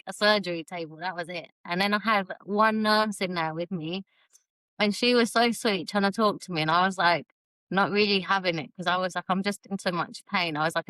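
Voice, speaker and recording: A woman's voice: medium pitch, pushed and bright, clean tone, no echo, poor audio. A woman, a podcast guest, retelling a personal story in a chatty way and laughing often. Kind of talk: casual storytelling conversation.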